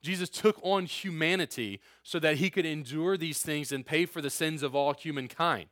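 A man's voice: fairly high pitch, moderate pace, a bit bright, no room sound, studio quality. A man preaching a conversational sermon as a pastor, earnest and emphatic with informal asides.

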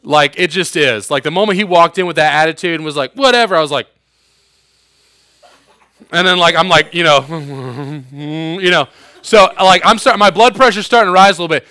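A young man preaching with a bright, forceful voice, pitched a little high for a man. He is animated and joking, acts out the lines he quotes, and leans on sarcasm. The sound is dry and close, with little room in it. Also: quick pace, no echo. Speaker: youth pastor. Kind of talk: sermon.

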